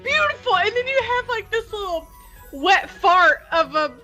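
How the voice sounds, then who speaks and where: Very high-pitched woman, bright, giggly co-host, heard off-mic. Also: lively intonation, moderate pace, faint music behind. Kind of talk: casual live-stream banter.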